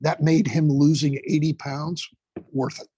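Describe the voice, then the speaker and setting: Man, fire training instructor, husky voice, dry close sound, emphatic, swears a lot. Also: on the high side, a little slow, dry recording, rough recording. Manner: emphatic, profane, animated storyteller. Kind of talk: casual podcast storytelling.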